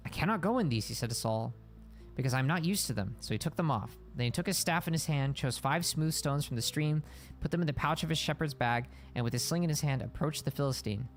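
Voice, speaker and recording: A man's voice: mid-range voice, fairly quick, faint music behind. A man reading a Bible passage aloud on a stream and stopping to explain it in casual words.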